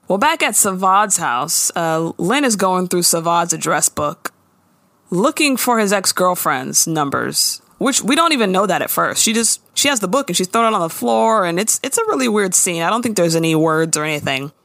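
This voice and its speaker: A woman's voice: lowish voice, normal speed, no room sound. A woman co-hosting a podcast, recapping a show in casual, slangy, laughing conversation. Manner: animated, laughing, slangy storyteller. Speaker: podcast co-host.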